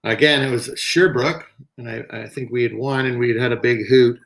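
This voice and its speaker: A man, a softball pitcher, telling stories in a casual interview, acting out other people's voices. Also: normal speed, vocal fry. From Canada. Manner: animated, acts out quoted voices.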